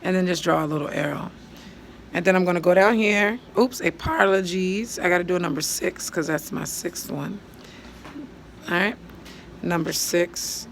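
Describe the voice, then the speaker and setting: A woman teacher patiently walking students through writing a poem, counting syllables aloud and thinking out loud as she writes. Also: on the low side, normal speed, vocal fry, slight background noise. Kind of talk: step-by-step poetry lesson.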